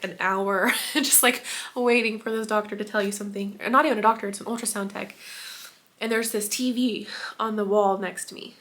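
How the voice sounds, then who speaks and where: A woman's voice: medium pitch, a bit bright. A young adult woman vlogging at home, telling an emotional personal story in a chatty way, filled with "like" and laughter. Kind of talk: casual storytime vlog. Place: at home indoors.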